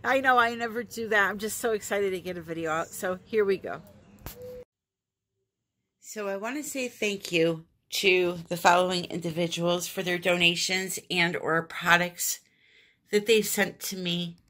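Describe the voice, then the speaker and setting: A woman's voice: on the low side, a little slow, pushed and bright. A woman with a New England accent hosting a casual resin art tutorial, chatty and upbeat, laughing at herself. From northeastern United States. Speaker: resin art channel host.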